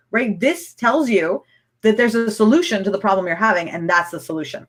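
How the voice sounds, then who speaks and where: A woman coaching a live-streamed training, chatty and excitable, rambling with restarts as she answers viewer comments. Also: a little high, a little fast, husky. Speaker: online business coach.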